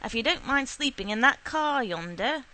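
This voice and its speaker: A woman voicing a blunt, shrewd old country woman who speaks up loudly and insistently. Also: high voice, animated, normal speed.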